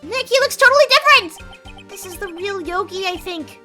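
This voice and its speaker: An excitable young girl assistant, as a woman puts her on chirps in a very high, sharp, bright voice. She speaks with excitement, soft music playing faintly behind. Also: normal speed, exaggerated voice. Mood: excited.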